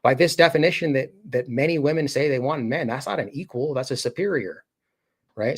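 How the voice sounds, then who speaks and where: A man's voice: mid-range voice, fairly quick, husky. Rambling man chatting on a live stream. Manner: rambling, filler-heavy, acts out quoted voices. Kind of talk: casual live-stream chat.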